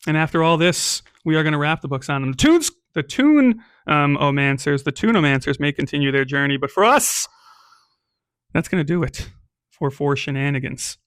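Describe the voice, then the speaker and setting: A man's voice: fairly high pitch, animated, moderate pace, fairly bright tone, smooth, no echo, clean studio sound. A man casually narrating and playing a solo tabletop role-playing game, rambling a little with frequent ums.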